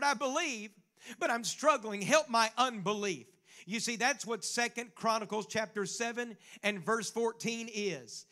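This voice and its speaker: High, bright-voiced male preacher. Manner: preaching with rising fervor, quoting scripture. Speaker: pastor. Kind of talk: sermon.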